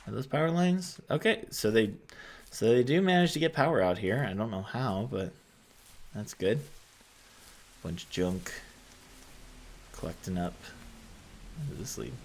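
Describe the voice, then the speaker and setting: A man hosting a gaming channel, giving quiet, soft-spoken let's-play commentary and musing aloud as he explores. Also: medium pitch, lively intonation, measured pace, long pauses.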